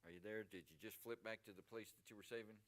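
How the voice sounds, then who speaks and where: Speaking fast in a low, steady, fairly bright voice, this male pastor preaches at a church service. His delivery is emphatic and full of rhetorical questions aimed at the congregation.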